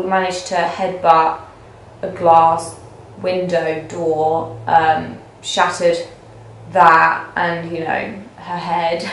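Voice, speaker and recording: A woman's voice: fairly low pitch, a little hiss or hum. A young woman vlogging to a camera she points at herself in her apartment, rambling and chatty with many fillers. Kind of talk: casual talk to camera. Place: indoors in an apartment being packed up. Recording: roomy echo.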